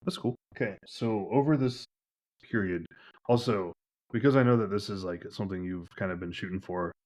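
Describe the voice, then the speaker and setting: A man's voice: on the low side, normal speed, a little mellow. A man running a tabletop game as game master, describing scenes in a rambling way full of "like" fillers.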